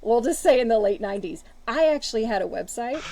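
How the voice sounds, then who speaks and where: A woman's voice: a little high, animated, fast, dark tone, slight background noise, poor audio. Bubbly Texan woman with a twang. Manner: bubbly, enthusiastic, drawling at times. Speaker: podcast guest, strengths coach. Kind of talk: casual chat.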